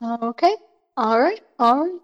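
A woman's voice: high voice, lively intonation, unhurried, dull audio. A woman co-hosting a podcast in casual chat, with a wry, sardonic, opinionated way of talking. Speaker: podcast co-host.

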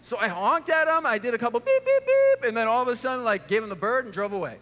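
A man in his thirties, a pastor, preaching a sermon with animated storytelling and acted-out voices. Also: very high-pitched, fast talker. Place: church auditorium. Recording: long hall reverb.

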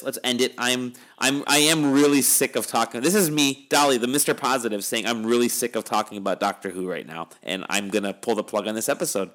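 A man's voice: medium pitch, fairly quick, fairly bright tone. A middle-aged man hosting a podcast, talking in a wry, weary, rambling way as he wraps up the episode. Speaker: podcast host. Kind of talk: casual podcast chat.

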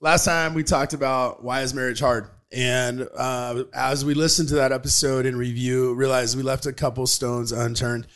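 A man hosting a podcast, chatting casually with a relaxed manner, laughing often and restarting sentences. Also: medium pitch, moderate pace, few pauses, clear, resonant tone. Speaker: podcast host. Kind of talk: casual chat.

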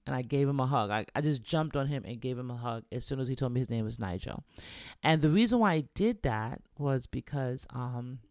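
A man's voice: medium pitch, fairly quick, dry recording, clean studio sound. A young American man who raps, telling a travel story casually and animatedly, with lots of filler words. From United States. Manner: animated, chatty, full of "like" and "you know".

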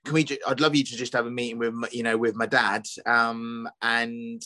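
A middle-aged chef, guesting on a podcast, tells his story casually in a mid-range, level voice that's a little fast and sharp. He rambles, restarting often and leaning on "you know." The recording is dry and low quality.

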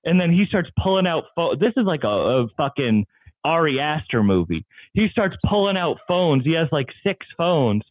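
A man's voice: fairly high pitch, very animated, normal speed, no echo. A man who is a comedian guest, telling wild stories in casual chat and laughing often. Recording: tinny phone-like line, dry.

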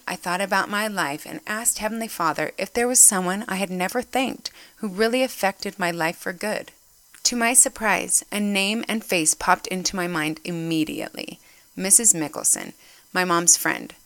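A woman's voice: fairly low pitch, a bit bright, no room sound. A woman giving an earnest devotional talk, reading a story aloud and getting emotional as she goes. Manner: emotional, earnest, gets choked up. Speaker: church speaker.

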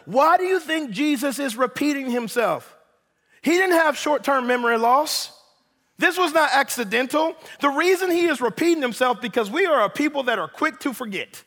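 A man in his thirties preaching a sermon, animated, acting out little dialogues and teasing the congregation. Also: very high-pitched, normal speed. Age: 30s. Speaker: pastor. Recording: long hall reverb.

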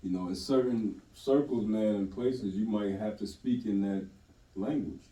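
Blunt, animated man, dark, off-mic. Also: fairly low pitch, a little slow, distant mic. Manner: animated, blunt, laughs often, slangy. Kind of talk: casual chat. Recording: roomy sound from off-mic.

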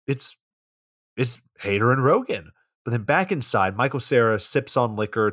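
Low-voiced man rambling through a recap. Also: a bit bright, no room sound, clean studio sound. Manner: profane, rambling storytelling. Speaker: podcast co-host. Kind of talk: casual movie recap chat.

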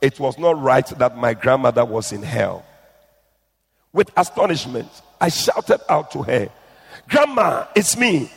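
A man preaches with urgent, pleading force, and his voice is husky with a gravelly edge. It rings out with a long reverb, as if recorded in a large hall. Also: mid-range voice, animated, measured pace. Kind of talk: sermon with read-out testimony. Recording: echoey hall.

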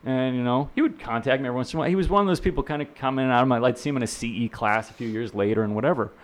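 A middle-aged man, a real estate instructor, telling stories casually on a podcast, animated and laughing, often repeating words and acting out quotes. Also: mid-range voice, very fast.

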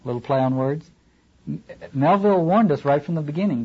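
A man's voice: on the high side, lively intonation, brisk, breathy edge, dull audio. A man lecturing on literature, reading passages aloud and adding wry asides.

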